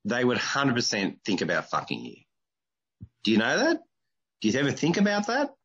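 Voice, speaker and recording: A man's voice: medium pitch, huge pitch swings, moderate pace, fairly bright tone, breathy edge, highs cut off. A man in his forties with an Australian accent, hosting a casual podcast interview with blunt, crude teasing. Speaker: podcast host.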